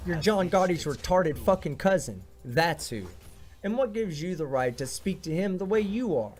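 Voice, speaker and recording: A man's voice: sits high, lively intonation, moderate pace, darkish tone. A man hosting a reaction video, delivering sarcastic commentary full of blunt, profane insults. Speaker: video host reacting to clips.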